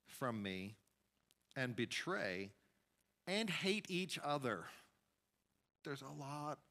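A man preaching a sermon as pastor, emphatic, with sudden rises and hushed drops. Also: mid-range voice. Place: church sanctuary.

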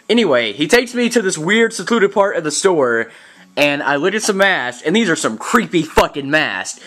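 A man's voice: sits high, big pitch swings, a little fast, a bit bright. A man vlogging to camera, telling an exasperated, profanity-laden story as a gaming vlogger. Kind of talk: casual vlog rant to camera.

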